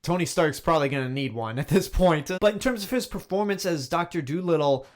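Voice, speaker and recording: A fairly high-voiced man talks straight into the mic through a movie review. He is blunt and plainly exasperated, and he hammers his points home by repeating them. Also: expressive, a little fast. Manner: blunt and exasperated, emphatic repetition. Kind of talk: opinionated film review monologue.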